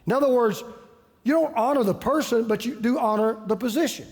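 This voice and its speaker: A man's voice: very high voice, fairly quick, a little mellow, big-room sound. A man preaching a sermon as pastor, telling stories conversationally and repeating key phrases for emphasis.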